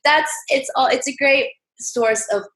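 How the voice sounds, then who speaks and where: A woman's voice: high-pitched, a little slow, fairly bright tone, poor audio. A woman speaking as a sex coach guest on a podcast interview, emphatic and confident, laughing often.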